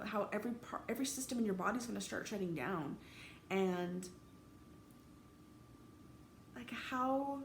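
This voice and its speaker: Woman, 30s, vlogger, gravelly, raw, halting, roomy room echo with faint background noise. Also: mid-range voice. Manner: halting, candid, swears freely, emotionally raw. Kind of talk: personal vlog monologue.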